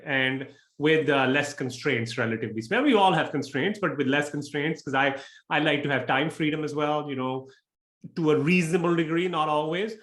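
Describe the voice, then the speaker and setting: A man giving frank, blunt interview answers as a real estate investor, talking in quick bursts. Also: medium pitch, fairly bright tone. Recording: echoey room.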